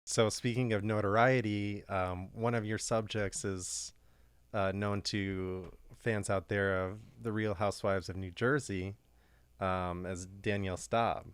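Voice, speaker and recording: A male podcast host with a very deep, smooth, resonant voice asks his guest questions. He talks close to the mic in a dry room with no echo. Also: fairly even intonation, a little slow. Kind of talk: interview questions.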